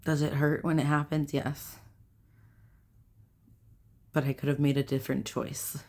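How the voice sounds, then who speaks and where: A woman's voice: low voice, level tone, measured pace, darkish tone. A young adult woman hosting a self-help video, talking casually to camera in a rambling way, with fillers and self-corrections.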